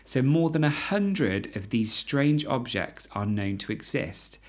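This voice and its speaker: A woman co-hosting a podcast, chatting casually and reading out odd facts. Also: a little slow. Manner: chatty, reads facts with lively pitch. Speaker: podcast co-host. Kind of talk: casual chat.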